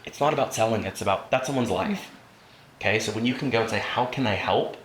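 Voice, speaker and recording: A man with a lowish voice leads a real estate training class, telling stories and quickly acting out the voices of the people in them. The room is roomy and echoing, with a faint hiss underneath. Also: fairly bright tone. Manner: storytelling, acts out quoted voices.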